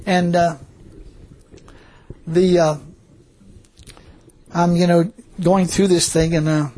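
Husky high-voiced male preacher. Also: flat delivery, slow pace, warm tone. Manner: rambling, repeats words, frequent fillers, chuckles. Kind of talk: sermon testimony.

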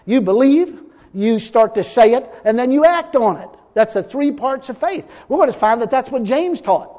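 A man's voice: extremely high pitch, expressive, normal speed, mellow. A man preaching a sermon, emphatic, reading scripture aloud and acting out what people say. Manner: emphatic, reads scripture aloud, acts out quotes. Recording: long hall reverb.

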